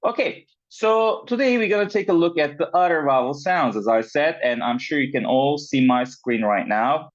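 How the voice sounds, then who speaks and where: A man teaching pronunciation in an online class, talking slowly with many fillers, repeats and checks of "right?". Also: on the high side. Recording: dull, lo-fi sound.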